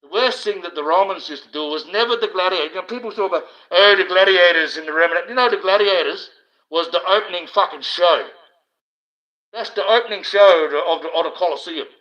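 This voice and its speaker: A man's voice: high-pitched, brisk, a bit bright. A man, hosting a livestream and ranting in a rambling, profane monologue. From Australia. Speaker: livestream host. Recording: dull lo-fi stream audio.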